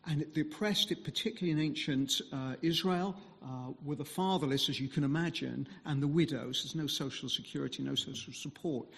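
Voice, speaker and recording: A man speaking as a visiting mission speaker, giving a conversational sermon full of pauses and fillers. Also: a little high, vocal fry, fairly bright tone, long reverb tail. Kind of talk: sermon talk.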